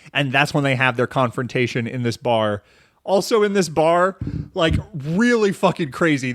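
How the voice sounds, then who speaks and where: A man's voice: fairly high pitch, no room sound, clean studio sound. A man hosting a casual film podcast, talking in a rambling, profane way with lots of fillers and restarts. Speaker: podcast host.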